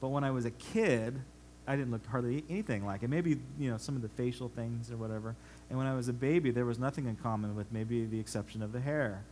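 Animated man preaching with funny stories. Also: medium pitch, fast talker, a little hiss or hum. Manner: animated storyteller, acts out voices, laughs often. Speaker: pastor. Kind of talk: conversational sermon with stories.

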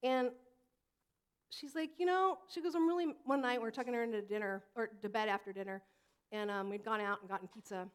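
A woman in her thirties preaching a sermon as pastor, in a conversational, animated way that slips into acted quotes. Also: mid-range voice, fairly quick, smooth.

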